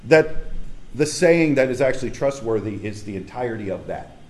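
A man's voice: mid-range voice, expressive, moderate pace. A man preaching a casual, conversational sermon as a pastor, speaking emphatically and straight to his congregation in a church hall.

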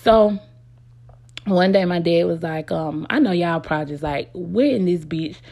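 A woman's voice: lowish voice, normal speed, darkish tone, dry recording. A young adult woman telling a candid, rambling personal story to her viewers on a phone, full of "you know what I'm saying". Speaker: vlogger.

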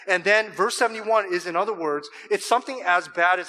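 A man's voice: high voice, fairly quick, hardly any pauses, bright, forceful tone. A man preaching a sermon to a church congregation, emphatic and full of rhetorical questions. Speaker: pastor.

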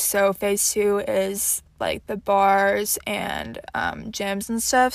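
A nineteen-year-old woman from Houston, Texas, hosts her podcast in a casual, scatterbrained chat packed with fillers. Her mid-range voice is recorded at studio quality with no echo.

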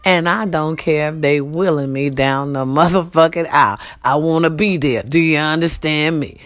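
Middle-aged woman vlog host, lively and swooping, profane and preachy, lowish voice. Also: moderate pace. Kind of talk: casual motivational talk to viewers.

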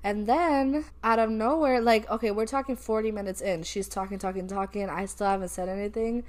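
With a brisk, mid-range voice, this podcast co-host, a young woman, relives a work call in relaxed conversation. She's animated, quotes what people said in their voices, and laughs a lot.

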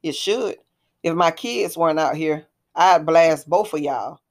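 A woman reading the part of a smirking, threatening ex-husband in a spoken story, with a low voice. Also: measured pace. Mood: taunting. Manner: taunting, threatening. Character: menacing smirking ex-husband, grown man.

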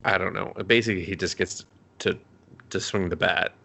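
A man's voice: sits low, moderate pace, gravelly, bright, forceful tone. A man co-hosting a casual podcast, rambling through an anime recap, swearing a lot and acting out the characters' lines. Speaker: podcast co-host.

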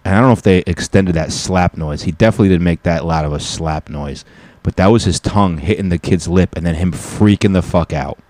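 Deep-voiced man, loose profane podcast chat. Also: a little fast, noisy background. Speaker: podcast host and stand-up comic. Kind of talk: casual solo podcast chat. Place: home apartment.

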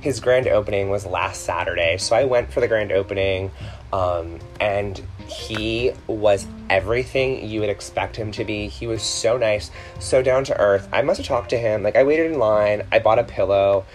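A man's voice: lowish voice, moderate pace, soft background music. A man hosting a podcast in a casual, rambling chat, full of ums and self-corrections. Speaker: podcast host.

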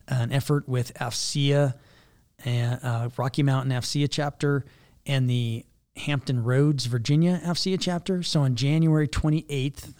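A chatty man co-hosting a podcast, talking through a sore throat. He keeps a relaxed, conversational flow and laughs easily between points. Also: clear, resonant tone. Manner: chatty, laughs easily, says he has a rather high voice. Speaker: podcast co-host. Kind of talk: casual podcast chat.

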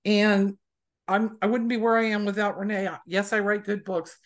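A woman's voice: medium pitch, fairly even intonation, normal speed. A woman author chatting in an interview, telling anecdotes and acting out the people she quotes. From USA. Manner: chatty storyteller who acts out quoted people. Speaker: romance author, guest. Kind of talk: casual interview chat.

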